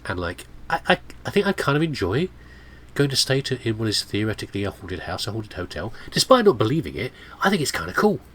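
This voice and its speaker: Man, nasal, blocked-up cold, husky, lower voice, lively pitch, chatty game commentary. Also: fast talker. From United Kingdom. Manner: rambling, chatty asides. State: has a cold. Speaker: gameplay commentator. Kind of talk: casual let's play commentary.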